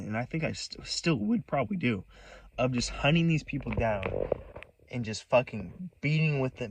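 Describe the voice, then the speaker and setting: A man's voice: medium pitch, a bit bright, no room sound, low-quality recording. A man telling a personal story in a casual monologue, agitated and profane, rambling with many restarts. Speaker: vlogger.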